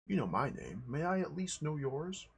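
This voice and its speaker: A man's voice: fairly high pitch, big pitch swings, moderate pace, gravelly, husky, voice pushed up, full character voice. A man voicing a fierce, sarcastic barbarian warrior with a snarling edge. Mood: sardonic.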